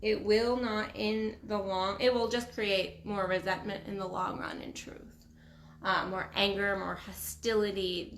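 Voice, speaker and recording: A woman's voice: medium pitch, slight background noise. Emphatic woman coach in a roomy space. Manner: emphatic, repeats phrases, acts out quoted speech. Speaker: relationship coach. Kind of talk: casual vlog monologue. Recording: roomy echo.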